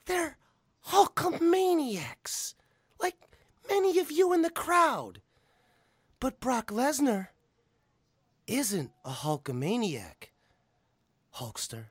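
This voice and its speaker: A man impersonating a scheming wrestling manager who drops to a hush and then builds to a roar. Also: extremely high pitch, slightly rough, no echo, studio quality, pitched above the performer's own voice, exaggerated voice. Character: scheming male wrestling manager, dramatic advocate.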